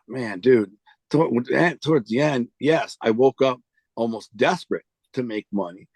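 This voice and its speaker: Brief: man, street slang storyteller, medium pitch, dry close sound. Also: lively intonation, measured pace, darkish tone, dry recording. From United States. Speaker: interview guest. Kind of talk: casual storytelling.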